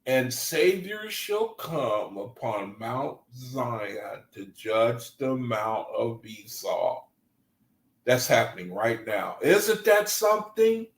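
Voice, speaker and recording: A man reading aloud to a study group and commenting, excitable and gushing with exclamations. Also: medium pitch, takes it slowly, reverberant, rough recording.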